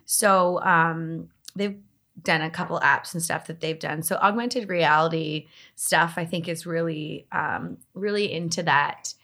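A woman's voice: deep voice, fairly even intonation, a little slow, bright, forceful tone. A young woman, chatting enthusiastically as an interview guest about technology, with lots of fillers. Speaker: interview guest, tech blogger. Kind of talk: casual interview chat.

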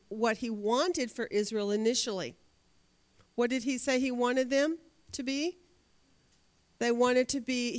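Woman teaching a Bible lesson. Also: fairly high pitch. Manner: asks the class questions, reads scripture aloud.

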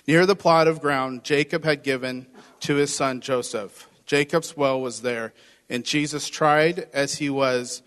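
A man's voice: fairly high pitch, fairly bright tone, clear, resonant tone. A man preaching a conversational sermon, reading scripture and explaining it with playful acted asides. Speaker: pastor. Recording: hall reverb.

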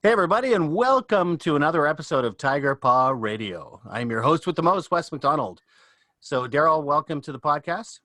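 A man's voice: a little high, animated, moderate pace, sharp tone. A Canadian man hosting a podcast, bantering with his guest in a friendly, upbeat way. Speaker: podcast host. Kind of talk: casual podcast conversation.

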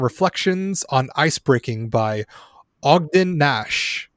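A man's voice: mid-range voice, unhurried, no room sound, studio quality. A man in a casual movie discussion who reads trivia from his notes, with many fillers and frequent laughs. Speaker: podcast co-host reading trivia notes.

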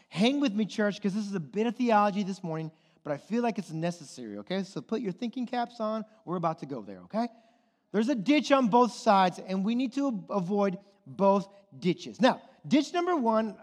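Guy pastor preaching to his church, high voice, keeps asking "right?", big hall reverb. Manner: rhetorical questions to the congregation, frequent "okay?" and "right?". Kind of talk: sermon.

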